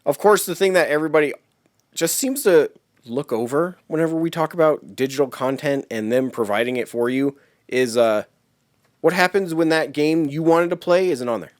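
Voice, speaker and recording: A man co-hosting a casual gaming podcast, laid-back and quick to laugh, swearing casually and often answering with short agreements. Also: fairly high pitch, no echo, studio quality. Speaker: podcast co-host. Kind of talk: casual chat.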